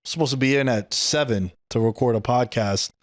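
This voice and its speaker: A podcast host with a New York accent tells a story in relaxed, street-slang chat. His voice sits in a middle register. The studio sound is dry and close. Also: mid-range voice, moderate pace, no echo. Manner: animated, swears casually, slangy.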